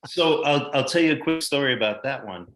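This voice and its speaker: An older American man, a guest actor telling lively, blunt, profane stories from his career in a casual interview. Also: medium pitch, a little fast. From United States. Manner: animated anecdotal storyteller, blunt and profane. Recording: echoey room sound.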